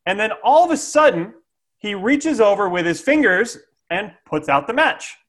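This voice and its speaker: A man giving a lively, jokey sales training talk, often checking in with "okay?". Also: sits high, moderate pace.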